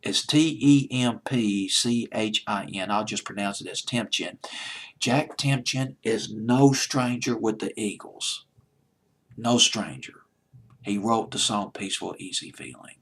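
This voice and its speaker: A man's voice: fairly low pitch, measured pace, a bit bright. A man hosting his own music countdown in a casual, rambling, nostalgic way, often stumbling and correcting himself. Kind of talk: casual solo commentary.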